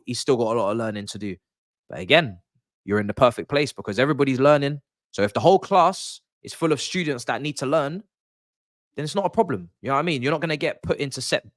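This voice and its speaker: A man's voice: mid-range voice, no echo. Emphatic man on a dry close mic. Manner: confident, emphatic, repeats points. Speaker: football pundit guest. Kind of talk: casual podcast chat.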